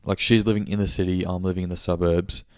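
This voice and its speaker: A man's voice: low-pitched, little pitch movement, fast talker, clear, resonant tone, no room sound, studio quality. A young man telling a rambling story on his podcast, swearing and correcting himself as he goes. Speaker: podcast host. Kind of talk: casual monthly check-in chat.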